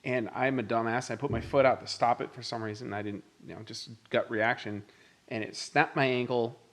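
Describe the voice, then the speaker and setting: A man of middle pitch tells a lively anecdote in casual conversation. He swears offhandedly and drives the story along himself. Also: a little fast. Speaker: guest, former boss.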